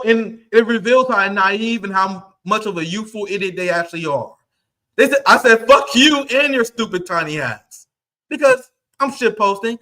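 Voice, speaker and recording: A man's voice: very high voice, sharp tone. A man hosting a livestream, delivering angry, profane commentary in a heated rant. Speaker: livestream host.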